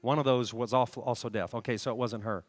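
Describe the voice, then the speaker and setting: This preacher talks fast at a medium pitch with fairly even intonation, earnestly questioning the congregation as he delivers a sermon on a handheld microphone. The church hall gives the recording a long reverb.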